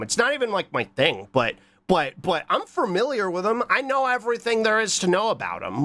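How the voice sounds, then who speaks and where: A streamer with a cold rambles through a casual reaction stream, nose clearly stuffed up. The voice swings hugely in pitch, jumping from low mumbles to squeaky highs. It is recorded dry and close, with no room sound. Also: big pitch swings, a little fast, few pauses, a bit bright, dry recording. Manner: scattered and goofy, with frequent repeated "What?" and squeaky high bursts. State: congested from a cold. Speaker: livestreamer. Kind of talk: casual reaction stream, reading chat aloud.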